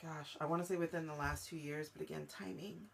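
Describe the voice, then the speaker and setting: A woman hosting a live-streamed spirit reading, talking to a single viewer in a gravelly voice with vocal fry. She feels her way through each thought, pausing on fillers as she goes. A light hiss sits under the recording. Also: deep voice, steady tone. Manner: halting, searching speech full of fillers; speaks directly to a viewer. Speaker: psychic medium host.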